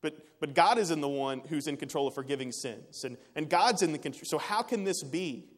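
A man preaching a sermon in an earnest way, rising to emphatic peaks and dropping quiet again. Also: fairly high pitch, lively intonation, brisk, hardly any pauses. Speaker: pastor. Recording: long reverb of a large hall.

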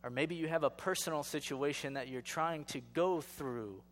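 Male pastor, sermon, conversational, rhetorical questions, emphatic build-ups, slightly high voice, long hall reverb. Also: moderate pace, fairly bright tone.

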